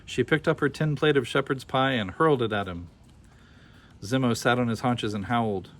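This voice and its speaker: A man reading a children's picture book aloud with expressive, animated storytelling. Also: medium pitch, normal speed. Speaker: storybook reader.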